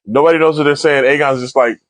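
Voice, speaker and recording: A man giving a casual spoiler recap of a TV episode in a slangy, animated way. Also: on the high side, fast, no echo. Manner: slangy, animated, laughs often. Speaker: TV episode reviewer.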